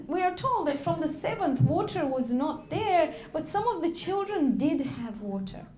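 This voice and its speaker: Woman for a slow, impassioned sermon recitation, near tears, in a reverberant hall. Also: sits high, a little mellow, slight background noise. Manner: impassioned, rising to tearful intensity. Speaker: majlis reciter. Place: religious gathering hall.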